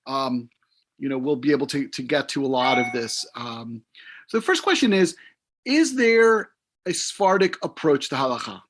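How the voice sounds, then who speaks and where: Slightly high-voiced male interviewer. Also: a bit bright. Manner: rambling questions with fillers. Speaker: interviewer and professor. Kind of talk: hosting an author interview.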